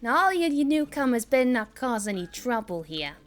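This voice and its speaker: A woman voicing a bubbly female adventurer-doctor in a squeaky, nasal voice while playing a game. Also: sing-song, moderate pace. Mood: playful. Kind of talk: voicing a game character live.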